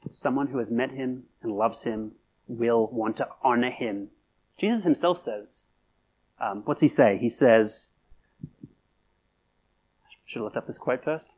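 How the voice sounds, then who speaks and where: A man's voice: medium pitch, measured pace, long pauses. A man preaching a sermon in a conversational way, with fillers and restarts, building to emphatic peaks. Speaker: pastor.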